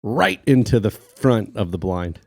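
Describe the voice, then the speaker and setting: A man in his thirties, a podcast co-host telling a story in casual chat, animated and laughing often. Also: on the low side, unhurried, gravelly, no room sound, studio quality.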